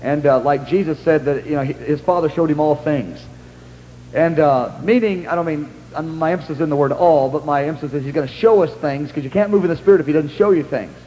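A man's voice: a little high, fast talker, warm tone, long reverb tail, slight background noise, rough recording. A man preaching in a storytelling style, rambling through anecdotes with restarts and acting out what others said. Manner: rambling anecdotes with many restarts and acted-out quotes. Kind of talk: storytelling sermon.

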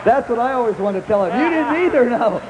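A man's voice: extremely high pitch, expressive, quick pace, crowd noise. A man retelling a shared story, quoting others and prompting his partner to go on. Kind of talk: conversational retelling. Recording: long hall reverb with faint hum.

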